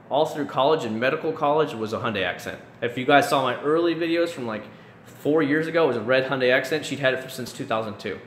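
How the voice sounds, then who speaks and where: A man in his thirties chats loosely with his live-stream viewers, rambling and restarting his sentences. His voice is bright and forward. It bounces around an echoey room over a faint hiss. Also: mid-range voice. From Central Florida. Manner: rambling, chatty, frequent restarts and fillers. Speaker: YouTube live-stream host answering chat. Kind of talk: casual live-stream chat.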